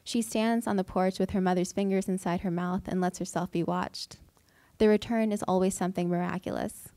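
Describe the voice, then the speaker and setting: A woman, a fiction writer, reading her own prose aloud at an event with measured, deliberate delivery. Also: lowish voice, fairly even intonation, dark tone, dry recording. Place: event hall.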